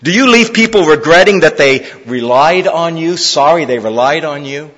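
A man's voice: on the high side, lively intonation, moderate pace, a bit bright, in a large hall, low-quality recording. A man preaching an expository sermon in an earnest, conversational way, asking his listeners direct questions. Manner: earnest, conversational, with rhetorical questions and sports metaphors.

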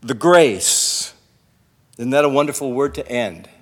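A man's voice: medium pitch, animated, measured pace, big-room sound. A man preaching a sermon in an earnest way, his voice swelling and dropping in volume.

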